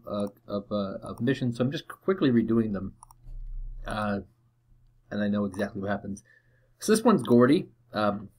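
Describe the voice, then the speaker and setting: A laid-back young man chatting through a game in loose, rambling commentary. His pitch rises and falls animatedly while he trails off into plenty of fillers. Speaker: gaming channel host.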